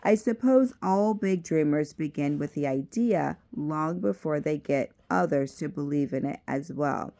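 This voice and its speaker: A woman's voice: deep voice, measured pace, gravelly, few pauses, dark tone. A woman reading aloud as a cheerful, earnest male South African educator. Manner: upbeat and earnest.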